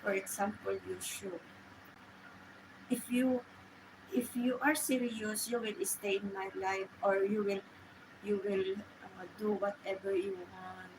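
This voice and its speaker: A woman chats with her live-stream viewers at a slow, unhurried pace. Her English is halting and full of restarts. Traffic and vehicle noise sit clearly behind her voice. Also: medium pitch, level tone. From Philippines. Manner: rambling, halting non-native English with many restarts. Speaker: livestream host. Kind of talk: casual chat with viewers.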